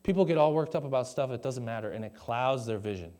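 A young pastor talks fast, his medium-pitched voice warm and expressive, as he preaches a conversational sermon into a stage mic. He addresses the live congregation with jokey remarks and questions.

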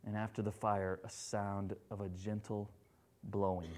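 A man preaching a sermon, moving between loud, animated retellings and hushed, gentle passages. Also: on the low side, measured pace.

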